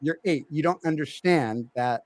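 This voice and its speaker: A man's voice: on the high side, moderate pace, no echo. A middle-aged man co-hosting a podcast, telling a family story in casual chat and acting out his kids' voices. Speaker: podcast co-host.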